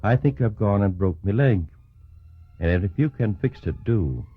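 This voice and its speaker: A man voicing a small, cheery male leprechaun in green, squeaky and high. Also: expressive, unhurried, breathy edge, no echo. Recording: dull lo-fi record over music.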